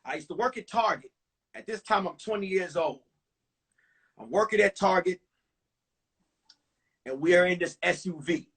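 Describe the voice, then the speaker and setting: A comedian tells a blunt, profane story. His voice is unusually high for a man and husky. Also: moderate pace, pauses often, fairly bright tone. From New York. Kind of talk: stand-up storytelling.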